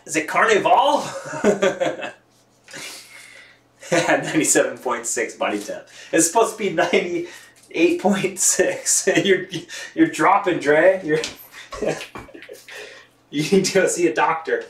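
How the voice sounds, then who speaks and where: A man's voice: on the high side, lively intonation, slow, long pauses, reverberant. A man chatting casually on a live stream, laughing often and reading out viewer comments while cleaning his bike. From United States.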